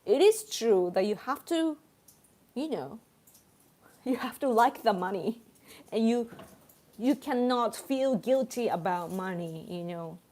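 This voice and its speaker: A woman chats with her viewers on a live stream, playful and quick to giggle. Her voice sits fairly high, and she takes her time, letting her words come out slowly. It sounds like she is at home, talking into a tablet. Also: expressive, mellow. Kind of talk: casual live-stream chat reading viewer comments.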